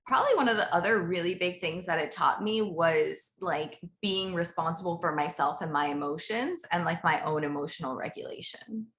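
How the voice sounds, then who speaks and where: A woman in her thirties, a guest coach, chatting casually over a video call, full of fillers and quick laughs. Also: on the low side, fairly bright tone. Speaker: interview guest, business coach. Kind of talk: casual interview chat. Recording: roomy echo.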